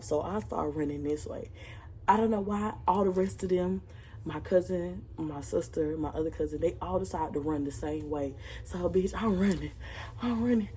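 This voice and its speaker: A woman's voice: on the low side, a little hiss or hum. A young woman vlogger telling a family story in a casual, profane, slang-heavy way and. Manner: profane, animated retelling with slang.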